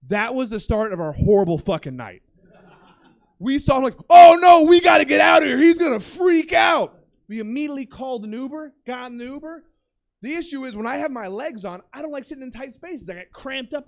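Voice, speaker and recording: High-voiced young male stand-up comic. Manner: animated, profane storytelling, bursts into shouted impressions. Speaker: stand-up comedian. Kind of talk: stand-up comedy set. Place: comedy club stage.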